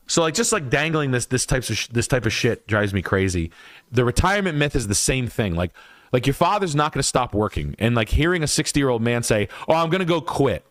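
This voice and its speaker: A man's voice: medium pitch, expressive, a little fast, a bit bright, dry recording. A man hosting a livestream podcast, ranting casually in a heated, profane way. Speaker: podcast host.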